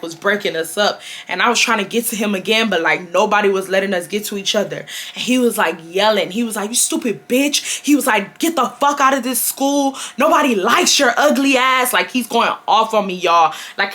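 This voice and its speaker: A woman in her twenties from Houston, Texas, telling a high school story to her viewers in a casual, animated way with lots of slang and swearing. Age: 20s. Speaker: storytime vlogger.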